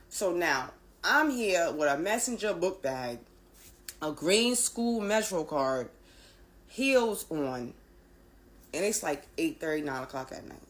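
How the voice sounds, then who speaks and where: Woman with a low, slow delivery, candid storytime narrator, emphatic with rhetorical questions. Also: poor audio. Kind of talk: personal storytime to camera.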